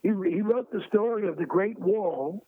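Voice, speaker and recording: An older man, a lively raconteur guesting on an interview who acts out voices in his stories. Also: high-pitched, moderate pace, breathy edge, no room sound. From Brooklyn, New York. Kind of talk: anecdotal storytelling. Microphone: phone. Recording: tinny dry phone line.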